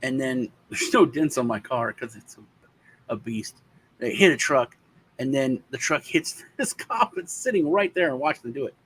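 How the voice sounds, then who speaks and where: A man's voice: mid-range voice, moderate pace, slightly rough. A man casually telling a long personal story, swearing now and then and acting out the voices of the people in it. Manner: animated, acts out the voices of people in his story. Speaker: co-host.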